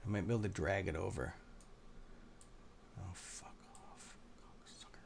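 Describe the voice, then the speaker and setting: A man with a deep, gravelly voice hosts a livestream at normal speed, with a little hiss or hum in the audio. In this casual chat he mutters and curses at his computer, then turns around to cheer on his viewers.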